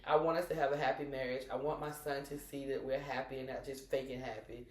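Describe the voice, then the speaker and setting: A woman co-hosting a casual chat podcast, animated, telling stories and acting out dialogue with laughter. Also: a bass voice, fast talker, echoey room, recorded from a distance. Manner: animated storyteller who acts out dialogue with laughter. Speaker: podcast co-host.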